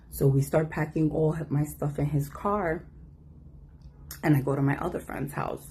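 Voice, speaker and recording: A woman telling a personal story in a casual, animated way, acting out the voices of the people in it. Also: extremely low pitch, a little hiss or hum. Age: adult. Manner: animated, acts out quoted voices.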